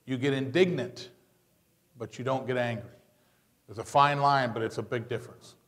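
A man teaching a class on public speaking, commenting on a video in a lively way and acting out quotes with dramatized voices. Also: mid-range voice, normal speed. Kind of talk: classroom lecture analyzing a video.

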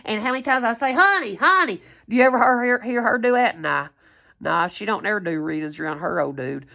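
A woman's voice: medium pitch, steady tone, fast talker, vocal fry, a bit bright. An angry woman, ranting at her viewers in a heated, profane, confrontational way. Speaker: tarot reader vlogger.

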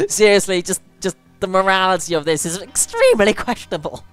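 A woman's voice: mid-range voice, a little slow, faint music behind. A woman commentating over gameplay in a chatty, playful way, often breaking into panicked squeals. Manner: excitable, squeals and panics during play; chatty, playful self-mockery. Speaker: let's play gamer.

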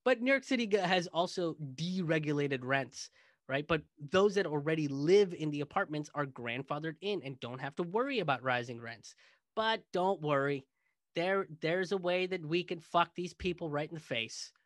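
A man's voice: a little high, lively intonation, moderate pace, no echo, clean studio sound. A male comedian hosting his show, delivering a sarcastic comedic monologue. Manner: sarcastic, mocking. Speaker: comedian host.

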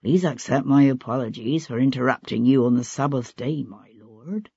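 A reader voicing a brash, smooth-talking gentleman who speaks politely but with insinuation, in an audiobook. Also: mid-range voice, normal speed, dry recording, pitched below the performer's own voice. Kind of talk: audiobook character voice. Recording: dull lo-fi audiobook recording.

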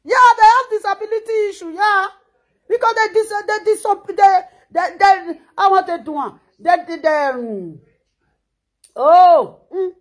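A Nigerian woman in her thirties speaks in a high voice and a Nigerian Pidgin accent. She scolds with passion and repeats her words as she reacts to the news. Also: a little slow. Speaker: social media commentator. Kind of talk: emotional reaction monologue.

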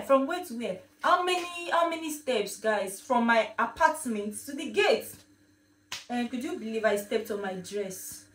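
A young woman vlogging casually from her home kitchen into a phone, telling a story in an animated, repetitive way. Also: a little high, slight background noise. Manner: chatty, animated storytelling, repeats herself. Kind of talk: casual vlog chat. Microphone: phone camera. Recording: echoey room, mic at a distance.

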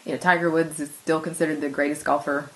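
A woman with a slightly low voice talks through ideas in a relaxed conversational way. She is a pianist and teacher from the San Francisco Bay Area, and she stays expressive and quick to laugh. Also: low-quality recording. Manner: expressive, laughs often between points. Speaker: pianist and music teacher, guest. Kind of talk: conversational explaining.

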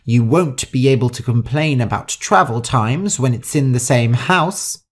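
A crabby old landlady from a storybook scolds in a raised, sing-song voice, slow and sharp-tongued. A man acts her out. Every word lands like an order. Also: mid-range voice, expressive. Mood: stern. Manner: stern, scolding. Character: grumpy strict old landlady.

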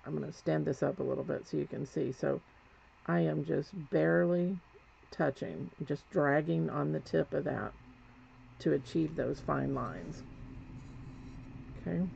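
Unhurried and pausing often, a woman with a low, creaky voice, a little mellow and slightly rough, gives a live painting demonstration. She's a chatty instructor who talks while working and corrects herself. Dull lo-fi sound carries faint background noise.

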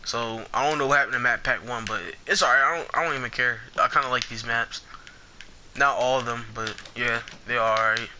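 A young man giving casual gameplay commentary, excitable and foul-mouthed, trash-talking the players he fights. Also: mid-range voice, fairly quick, slight background noise. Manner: excitable, swears a lot, trash-talks opponents.

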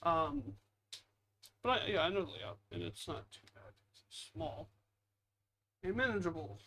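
A man's voice: sits high, expressive, normal speed, bright, forceful tone. A man giving casual gameplay commentary as a gaming YouTuber, chatty and talking to himself while he plays.

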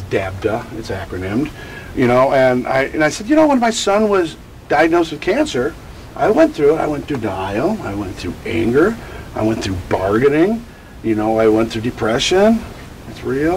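A man who teaches about grief, answering interview questions in an animated, digressive way and acting out quotes. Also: medium pitch, moderate pace, a little hiss or hum, low-quality recording. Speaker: grief educator.

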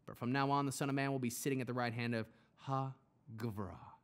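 Man reading as a calm, earnest teacher, slightly lifted voice. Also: medium pitch, natural voice. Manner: earnest, measured, slightly raised.

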